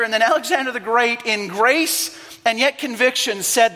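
A man preaching a sermon as pastor, telling stories dramatically and swinging from hushed to loud and impassioned. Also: very high voice, fairly even intonation, normal speed, big-room sound. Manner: impassioned, dramatic storytelling with wide swings in loudness.

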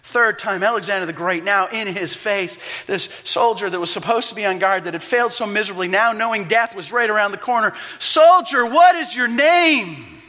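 A man preaching a sermon as pastor, telling stories dramatically and swinging from hushed to loud and impassioned. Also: high-pitched, fairly quick, few pauses, in a large hall. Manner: impassioned, dramatic storytelling with wide swings in loudness.

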